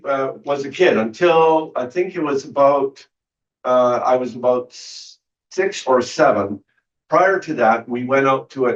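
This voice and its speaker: A man, a pastor, leading a church study group in an easygoing way with many fillers. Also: mid-range voice. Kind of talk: group facilitation on a video call. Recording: roomy, distant, dull-sounding.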